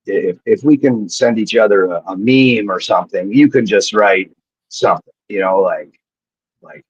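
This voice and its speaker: A low-voiced, husky man spins rambling, profane stories as a guest. His voice sits low and rough. The audio is dull, dry and lo-fi. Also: normal speed, no echo. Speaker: guest, former wrestler. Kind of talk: casual storytelling.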